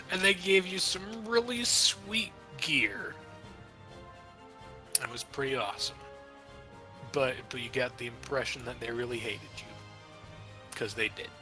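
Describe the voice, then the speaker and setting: A man's voice: medium pitch, pushed and bright, low-quality recording. A young man recapping a tabletop game as dungeon master in a rambling, profane, offhand way.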